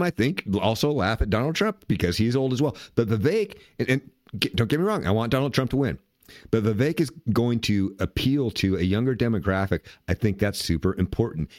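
A man's voice: mid-range voice, dry recording, studio quality. An older man hosting a podcast, giving casual, rambling political commentary full of profanity. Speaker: podcast host.

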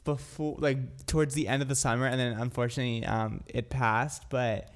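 A man's voice: medium pitch, little pitch movement, moderate pace. A young man from Ireland co-hosting a radio show, chatting casually and rambling with lots of restarts. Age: young adult.

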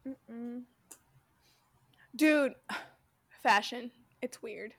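A woman's voice: a little high, very slow. A young woman co-hosting a podcast, rambling in casual chat and laughing often. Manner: rambling, laughs a lot, says "dude". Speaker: podcast co-host.

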